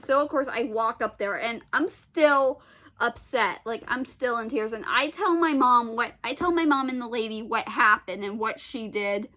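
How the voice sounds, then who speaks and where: A woman's voice: on the high side, normal speed, sharp tone. A woman vlogger telling a personal story in a casual, rambling way, full of restarts, sighs and exasperated "ugh"s.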